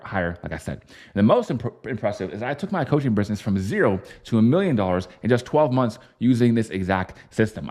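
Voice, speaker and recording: A young man who works as a business coach, pitching his system in a fast, confident, sales-like way with frequent ums and uhs. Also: a little mellow. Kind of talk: scripted-style pitch to camera.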